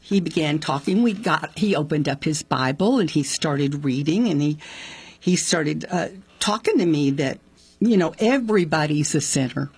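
A woman telling the story of her conversion in conversation. She acts out what people said with sudden jumps in pitch and laughs often. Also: lively intonation, normal speed, a little mellow, slightly rough, no room sound. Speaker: guest sharing her faith testimony.

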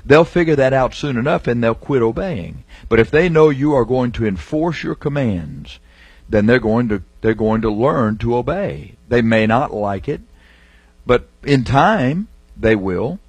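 A middle-aged male preacher delivers an emphatic sermon, drawing out key words when he reads scripture. His voice is husky and sits at an ordinary pitch. The sound is dry and close. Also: lively intonation, no room sound. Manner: emphatic, slows down to stress scripture phrases.

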